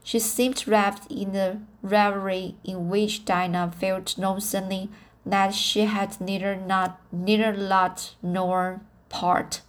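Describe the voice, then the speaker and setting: A woman reading a novel aloud as an amateur audiobook, halting and self-correcting as she practices her English. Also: medium pitch, little pitch movement. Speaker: reader of a novel.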